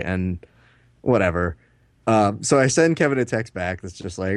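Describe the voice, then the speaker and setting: His voice medium in pitch and a little fast, this thirty-something podcast co-host animatedly tells stories in casual chat. He acts out the quotes and swears from time to time, and there's no room sound.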